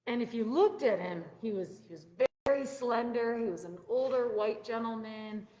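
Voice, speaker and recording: A fairly high-voiced woman chats casually as she opens a mindfulness session, then guides breathing and stretches in a soft, slow voice. The sound is roomy, with a long reverb trailing each phrase. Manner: chatty and upbeat, turning soft and slow when guiding breaths. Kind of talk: casual chat and guided meditation. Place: indoor room with a live group present, also streamed online. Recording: echoey room with long reverb.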